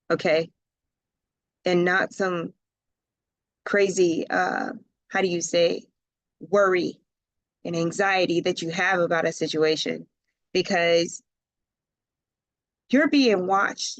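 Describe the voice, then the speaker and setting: Woman tarot reader, slow and chatty, slangy asides, dry close sound. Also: fairly low pitch, no room sound, rough recording. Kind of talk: casual tarot reading.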